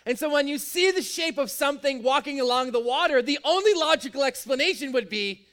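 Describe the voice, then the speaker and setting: A man's voice: animated, brisk, a bit bright. A young man preaching a sermon to a room, in a conversational way, acting out quotes with sudden jumps in his voice. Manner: conversational, acts out quotes with big pitch jumps. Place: in a room with an audience.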